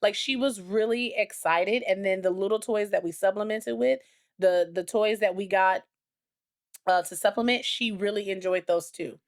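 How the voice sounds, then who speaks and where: A woman co-hosting a married couple's podcast, telling stories in a rambling, animated way with many fillers. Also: mid-range voice, normal speed. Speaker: podcast co-host. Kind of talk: casual chat.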